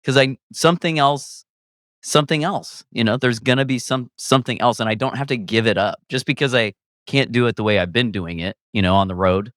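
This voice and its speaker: This guest comedian has a mid-range voice and talks a little fast, captured in clean studio sound without room echo. Candid and casual, he wanders reflectively through his thoughts, often restarting, laughing frequently and doing lively quotes of his own words.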